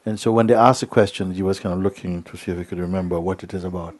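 Low husky man telling a spiritual story. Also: steady tone. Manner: unhurried storytelling with many hesitations. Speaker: spiritual teacher.

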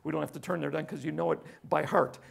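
Gravelly high-voiced preaching man. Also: level tone, fast talker, background noise. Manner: conversational preaching, swings from loud emphasis to hushed. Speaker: pastor. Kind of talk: sermon.

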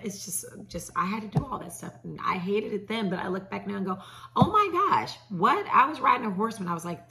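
Sassy bright-voiced gossip host woman. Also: lowish voice. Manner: sassy, chatty, talks straight to viewers. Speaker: entertainment news host. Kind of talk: celebrity gossip commentary.

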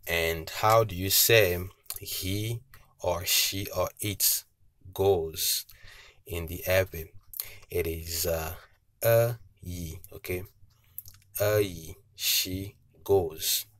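Deep slow-spoken man teaching words. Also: fairly even intonation, a bit bright. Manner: patient, repeats each word slowly with tone cues; frequent hesitations with uh and okay. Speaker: language teacher. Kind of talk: slow spoken language lesson.

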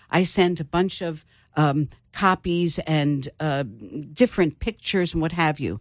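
An older woman, an author, telling her family story in an interview with thoughtful pauses. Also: low voice, no room sound, studio quality. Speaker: author guest. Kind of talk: interview conversation.

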